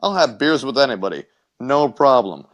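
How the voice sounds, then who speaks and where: A man's voice: mid-range voice, very animated, moderate pace, lo-fi sound. A man co-hosting a casual podcast, telling a crude story in rambling bits with stammers and swearing. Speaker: podcast co-host.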